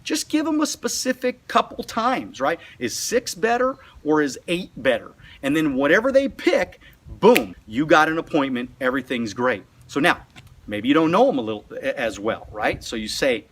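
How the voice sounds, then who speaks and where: A male sales trainer giving a motivational lesson, animated and often repeating words as he pushes his point. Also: on the high side, moderate pace, slight background noise. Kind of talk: motivational teaching.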